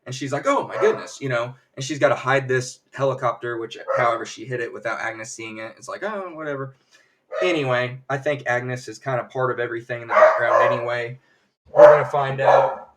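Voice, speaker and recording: A man's voice: mid-range voice, steady tone, fairly quick, recorded from a distance, heavy background noise. A man casually recapping a show on a livestream, rambling with lots of fillers and acted quotes. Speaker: livestream host. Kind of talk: casual episode recap chat. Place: home livestream setup.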